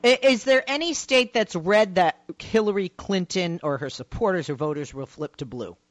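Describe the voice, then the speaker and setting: A woman hosting a radio talk show, questioning her guest in a brisk, rapid-fire way. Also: fairly low pitch, animated, no room sound. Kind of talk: radio interview.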